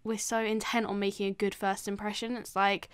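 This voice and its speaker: A woman's voice: mid-range voice, level tone, fairly quick, clean tone. A young woman co-hosting a podcast, rambling and giggling through casual chat with many fillers. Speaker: podcast co-host.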